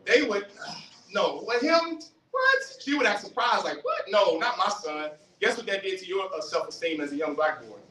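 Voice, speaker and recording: A man giving a fiery street-style religious lecture, animated, questioning the audience and acting out voices. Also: high voice, normal speed. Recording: roomy, distant mic, faint hiss.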